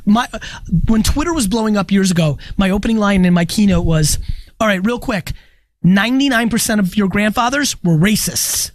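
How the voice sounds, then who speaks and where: A man's voice: high-pitched, animated, normal speed, no room sound. A man talking emphatically in a casual podcast chat, repeating his points for stress. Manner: emphatic, repetitive, profane. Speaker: guest.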